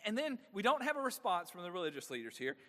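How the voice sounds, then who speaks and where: A man's voice: sits high, big pitch swings, fast talker, fairly bright tone, long reverb tail. A male pastor preaching a sermon, engaging the congregation with frequent rhetorical questions.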